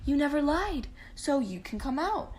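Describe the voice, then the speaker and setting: A woman's voice: high-pitched, big pitch swings, moderate pace, darkish tone, slight background noise, pitched above the performer's own voice. A woman voicing a king father who speaks in an earnest, encouraging way. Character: gruff king father, suddenly proud.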